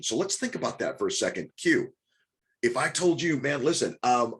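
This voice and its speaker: A man leads a group coaching call in a mid-pitched voice. He talks fast, restarts his sentences and keeps pressing the group with rhetorical questions. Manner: rapid, repetitive restarts, coaxing and rhetorical questions. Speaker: business coach.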